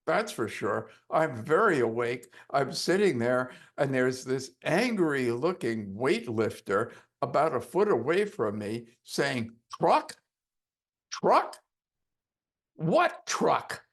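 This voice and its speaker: A man who teaches hypnosis tells a story in a course lesson, in a casual, profane and animated way. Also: medium pitch, takes it slowly, hardly any pauses. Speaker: hypnosis instructor.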